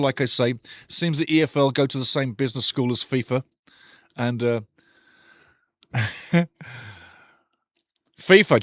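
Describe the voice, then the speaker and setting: A man's voice: mid-range voice, fairly bright tone, no echo, studio quality. A middle-aged man hosting a live football watch-along, opinionated, ranting and joking as he comments.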